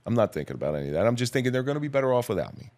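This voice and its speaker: A middle-aged man, a police officer, recounting his story in a measured, somber, plain-spoken way as a podcast guest. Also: mid-range voice, sing-song, darkish tone. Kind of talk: personal storytelling in a podcast interview.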